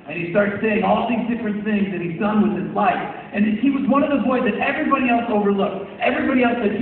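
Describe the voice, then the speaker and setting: A man's voice: sits high, fairly quick. Man, pastor, sermon, chatty storytelling, distant mic, long church reverb. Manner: storytelling preacher, conversational, acts out quotes. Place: church hall. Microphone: far camera. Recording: distant echoey church hall, lo-fi camera.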